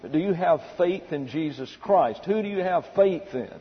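Guy preaching verse by verse, kinda high voice, husky, echo hanging in a big church, bit muffled. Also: expressive, normal speed. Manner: methodical, outlining by numbered subpoints; rhetorical questions, emphatic. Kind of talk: expository Bible teaching. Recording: muffled sound with long hall reverb.

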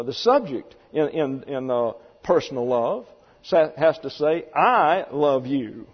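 A man's voice: on the high side, slightly rough. A man preaching a sermon, explaining doctrine in an emphatic, methodical way and often linking points with "and therefore.". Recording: dull lo-fi recording with long hall reverb.

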